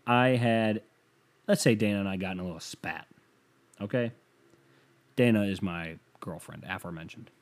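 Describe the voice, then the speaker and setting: Man riffing in a dark, mellow voice. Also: lowish voice. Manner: rambling, wry, riffing with lots of fillers. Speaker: podcast host. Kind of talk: casual comedic monologue.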